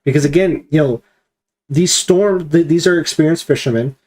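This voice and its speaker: A man's voice: on the high side, moderate pace, darkish tone. Man teaching a casual Bible study. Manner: explains at length, acts out quoted commands with emphasis. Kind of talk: live-streamed Bible study discussion.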